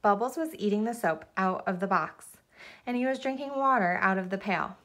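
A woman reading a children's picture book aloud to a child at home, in a gentle storytime manner with small slips. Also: medium pitch, lively intonation, moderate pace.

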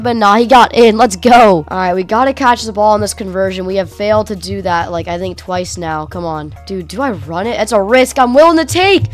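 A woman giving casual, excitable gameplay commentary, cheering and shouting at plays with a slightly strained voice. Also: medium pitch, a little fast, few pauses, faint music behind. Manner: casual slang. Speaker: gaming channel host.

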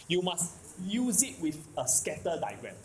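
A Singaporean man lectures on math in a fairly high voice that swings widely in pitch. He repeats himself for emphasis and keeps checking that students follow. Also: huge pitch swings, normal speed, a little mellow, a little hiss or hum, poor audio. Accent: Singaporean English. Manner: repetitive, keeps checking in with "okay? can?". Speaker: math teacher. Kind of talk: classroom lecture.

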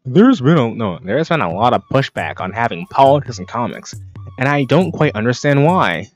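A man's voice: mid-range voice, very animated, normal speed, soft background music. Sarcastic young man swearing through reactions. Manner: sarcastic, rambling, swears often. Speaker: streamer reacting to comics. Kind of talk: casual profane reaction commentary.

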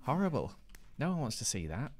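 A man's voice: medium pitch, very animated, fairly quick, slight background noise. A British man hosting a live gaming stream, chatting playfully and reading viewer comments aloud. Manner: chatty, playful, jokey banter with chat.

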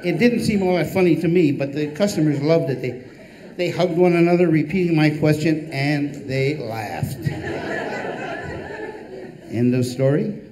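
An older man, an author, reading a humorous memoir aloud with a dry, wry delivery and deadpan punchlines. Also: a little high, unhurried, noisy background.

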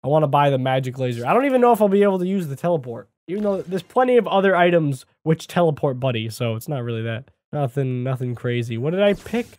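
A man giving jokey, excitable let's-play commentary as a gaming YouTuber, talking to the character on screen. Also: on the high side, quick pace, few pauses, no room sound.

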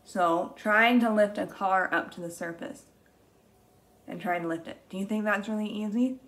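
A young woman teacher reading a picture book aloud to young children, slow and gentle, gasping with exaggerated excitement. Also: mid-range voice.

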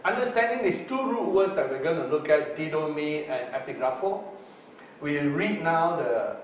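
A man's voice: a little high, expressive. Guy preaching, picks apart greek words, lots of uhs, sounds far off in a big roomy hall. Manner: explains Greek word roots slowly with many fillers. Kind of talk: Bible teaching sermon. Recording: roomy distant recording with faint hiss.

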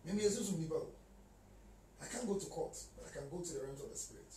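Animated high-voiced man, echoey room. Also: fast talker, recorded from a distance, slight background noise. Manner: animated, switches between Twi and English. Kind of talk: casual chat.

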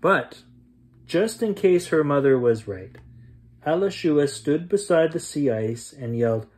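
A man's voice: medium pitch, measured pace. Man reading a bedtime story aloud. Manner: animated reading, raises voice for yelled lines. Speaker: storyteller reading a children's book. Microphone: camera mic, close to the camera.

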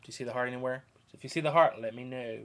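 A man's voice: medium pitch, racing. A young man with a Southern accent vlogs casually to his viewers. He rambles, repeats himself and speaks with open, earnest feeling. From North Carolina, US. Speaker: vlogger. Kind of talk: casual rambling vlog to camera.

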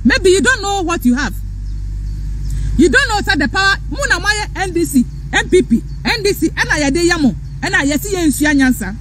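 A Ghanaian woman hosts a live stream in an impassioned rant, her voice extremely high with big swings in pitch at a normal speed, slightly bright over faint background noise. She lectures fiercely and fierily, repeating phrases and switching between English and Twi.

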